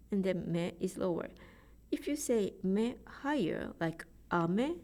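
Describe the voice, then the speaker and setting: A woman's voice: mid-range voice, warm tone. Japanese-accented woman giving a careful lecture. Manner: careful, measured explanations with spoken pronunciation examples. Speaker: choral music presenter. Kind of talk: prepared presentation.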